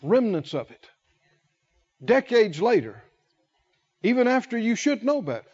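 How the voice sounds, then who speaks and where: High-voiced slow emphatic preacher. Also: male voice, sing-song, a little mellow, breathy edge, muffled recording. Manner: emphatic, repeats key words with long pauses. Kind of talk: sermon.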